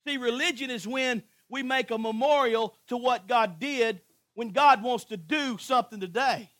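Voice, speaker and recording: Guy pastor with a really high voice preaching, goes from quiet to shouting, repeats stuff for punch. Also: moderate pace, dry recording, clean studio sound. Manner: impassioned preaching with swings from hushed to shouting; repetitive, rhythmic emphasis. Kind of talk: sermon.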